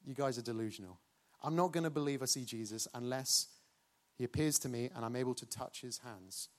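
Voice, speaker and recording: A doubting man speaks flatly and dismissively, as a preacher acts him out. His voice sits low and quiet. He sounds unconvinced and scornful. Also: brisk, natural voice. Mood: skeptical. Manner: dismissive, flat.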